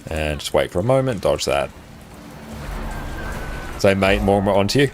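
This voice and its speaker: A South Australian man streams a game live, chatting in a relaxed way, reading questions from chat and laughing easily. His voice is low-pitched at a moderate pace, recorded on a desk microphone with a little hiss or hum.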